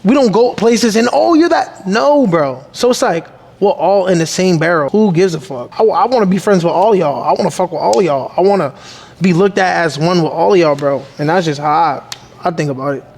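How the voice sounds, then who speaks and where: Young dude, high voice, slangy and fired up, long reverb in the room. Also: male voice, fairly quick, vocal fry. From Boston. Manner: slangy, animated, swears freely. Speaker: guest. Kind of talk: casual podcast chat.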